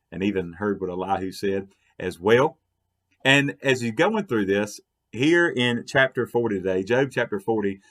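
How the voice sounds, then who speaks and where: A pastor delivering a brief devotional, his voice somewhat husky. He speaks earnestly, stumbling and repeating words as he presses his point, and his pitch swings widely. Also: fairly bright tone. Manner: earnest, repeats words and restarts, quotes with rising emphasis. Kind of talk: short devotional talk to the camera.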